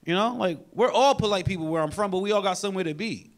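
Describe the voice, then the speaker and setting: At a live comedy show, a New York stand-up comedian in his thirties, with a New York accent, delivers an animated set in a high, fast voice. He acts out the characters he quotes in loud bursts while the audience laughs.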